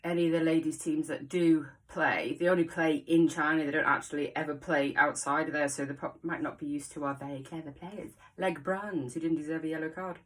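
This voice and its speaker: A woman's voice: deep voice, steady tone, fairly quick, hardly any pauses. A woman, chatting casually to camera in a rambling vlog. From England. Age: 40s. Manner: rambling, chatty, many asides. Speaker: vlogger. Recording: voice a bit far from the mic.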